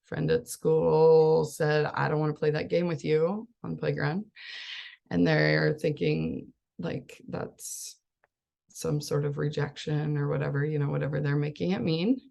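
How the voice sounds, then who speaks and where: A woman's voice: deep voice, steady tone, measured pace, gravelly, mellow. A woman in her thirties, a life coach, giving a casual, chatty talk to parents, laughing often and acting out what people say. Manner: chatty, laughs often, acts out quoted voices.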